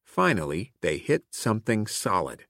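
A man reading a children's picture book aloud in a clear, expressive way, including its classroom activity prompts. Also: lowish voice, moderate pace, no room sound, studio quality. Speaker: storybook reader. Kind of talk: read-aloud children's story narration.

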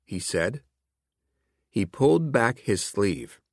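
A man reads a children's story aloud, slow and deliberate, with a lively, sweeping melody. His voice sits on the lower side. The sound is close and dry. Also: no echo. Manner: clear and expressive, like a teacher reading aloud. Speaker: storybook reader.

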